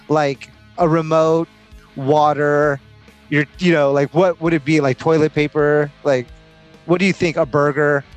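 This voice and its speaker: A man co-hosting a podcast in casual chat, rambling and joking with a lot of swearing. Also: fairly high pitch. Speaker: podcast co-host.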